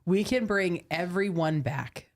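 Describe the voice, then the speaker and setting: A woman's voice: on the low side, measured pace. A woman co-hosting a casual live chat show, giggly and reading audience suggestions aloud. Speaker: co-host.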